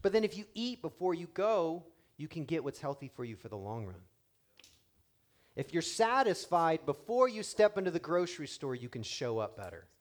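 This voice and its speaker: A middle-aged man preaching a sermon as pastor, animated and joking, acting out quotes in different voices. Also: on the high side, normal speed.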